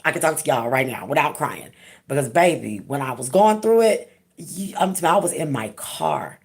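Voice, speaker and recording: A woman's voice: sits low, lively intonation, normal speed, darkish tone, slightly rough. A woman hosting her own channel, talking frankly and emphatically in a candid personal vlog, casual and sometimes profane. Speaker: channel host.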